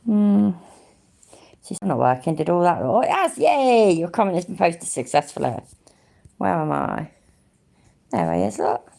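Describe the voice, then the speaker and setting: English woman, live streamer, low gravelly voice, swings up and down a lot, loose sweary chatter. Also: very animated, a little slow, pauses often, mellow. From England. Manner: swears casually, hums to herself, thinks aloud. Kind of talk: rambling live-stream chat.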